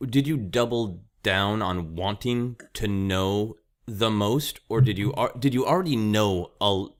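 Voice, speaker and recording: A man's voice: on the low side, measured pace. A man hosting a podcast interview, asking long curious questions and laughing easily. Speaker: podcast host. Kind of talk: casual interview chat.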